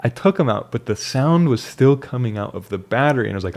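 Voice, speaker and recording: Young man, slightly low voice; loose, reflective monologue with frequent restarts. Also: lively intonation, brisk, vocal fry, hardly any pauses, a little mellow. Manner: reflective, rambling with restarts and fillers. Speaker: vlogger. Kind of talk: casual personal monologue.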